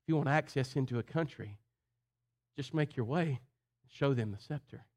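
A preacher voicing a calm, patient helper. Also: male voice, mid-range voice, moderate pace, close to an everyday voice. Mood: reassuring. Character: calm local helper man explaining kindly.

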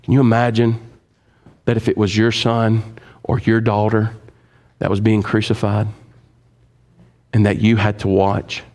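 A man preaching a sermon, speaking straight to his congregation with questions, swinging from loud, high emphatic stretches to low, quiet ones. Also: flat delivery, unhurried, pauses often. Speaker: pastor.

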